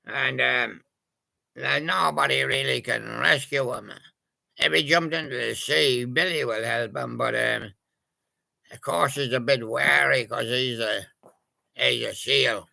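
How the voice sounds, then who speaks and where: Brief: gravelly, bright-edged male storyteller, slow and meandering. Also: medium pitch. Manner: rambling and hesitant, full of pauses. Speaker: toy-story narrator. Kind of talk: casual improvised storytelling with toys.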